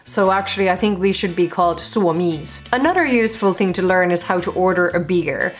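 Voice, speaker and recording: A woman's voice: on the low side, fairly quick, faint music behind. A young Finnish woman with a Finnish accent, teaching phrases in a chatty, joking vlog. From Finland. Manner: chatty, joking, self-mocking. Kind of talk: casual vlog lesson.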